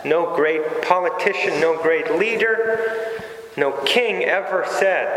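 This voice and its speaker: Emphatic preacher in an echoey hall. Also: male voice, high voice, a bit bright, a little hiss or hum. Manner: emphatic, with dramatic pauses and repetition. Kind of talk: sermon. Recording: very echoey hall with long reverb.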